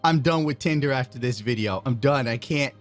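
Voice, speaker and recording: A man's voice: mid-range voice, brisk, soft background music. A man giving casual reaction commentary, laughing in disbelief and reading messages aloud in mocking put-on voices. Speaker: streamer reacting to dating-app messages.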